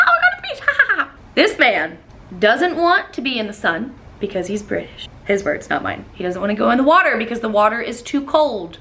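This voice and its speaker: A woman telling a dating story in a storytime vlog, animated, profane and full of exclamations. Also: medium pitch, a little hiss or hum.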